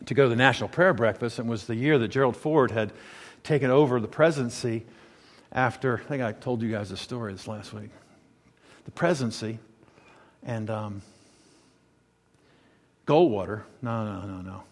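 A man's voice: mid-range voice, moderate pace, pauses often, big-room sound. A man preaching, telling a rambling personal story with self-corrections. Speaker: pastor.

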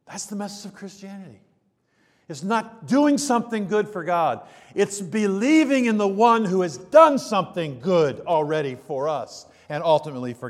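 Guy preaching a sermon, voice way up high, big echoey hall. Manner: preaching with dramatic swings from loud emphasis to hushed low tones.

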